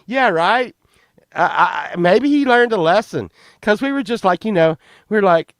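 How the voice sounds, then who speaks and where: Slow-talking man telling a rambling story. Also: high voice, animated, fairly bright tone, no room sound, clean studio sound. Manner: rambling, profane, laughing at his own story. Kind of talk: casual storytelling. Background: plucked guitar music.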